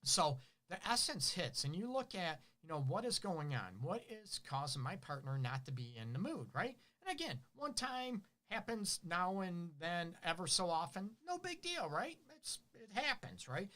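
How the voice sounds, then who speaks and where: A middle-aged man giving relationship advice on his own show. His talk is casual and lively, full of rhetorical questions and little acted-out lines from couples. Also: high-pitched, normal speed, hardly any pauses. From Detroit. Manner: animated, asks rhetorical questions, acts out partners' lines. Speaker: relationship counselor hosting a show.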